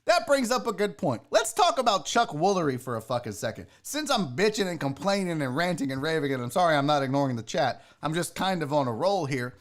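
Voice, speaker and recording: A man's voice: fairly high pitch, sing-song, fairly quick, few pauses. A man hosting a live sports talk show, ranting heatedly and swearing freely, a bit tipsy from drinking.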